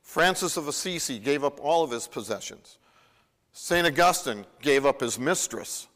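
A man's voice: medium pitch, lively intonation, normal speed, a bit bright. A man preaching a sermon in a conversational way, acting out the Bible dialogue as he retells it. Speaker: pastor. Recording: long reverb of a large hall.

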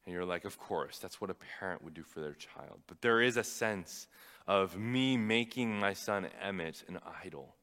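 A young man preaching a sermon, telling a personal story in an animated, fast-rising way when excited. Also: sits low. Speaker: pastor. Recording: long hall reverb.

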